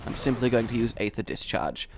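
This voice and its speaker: A young man hosting a gaming video, giving excited play-by-play commentary with loud triumphant outbursts. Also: mid-range voice, a little fast, slight background noise.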